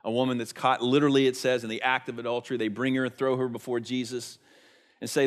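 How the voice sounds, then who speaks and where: Preaching a sermon, a male pastor keeps things conversational, posing rhetorical questions and shifting between emphatic and hushed delivery. He speaks fast, with a medium pitch and a level tone.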